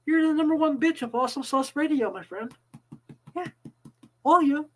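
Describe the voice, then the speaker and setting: A woman's voice: high voice, normal speed, darkish tone, poor audio. A woman co-hosting a casual live talk show, chatty, restarting sentences, swearing freely.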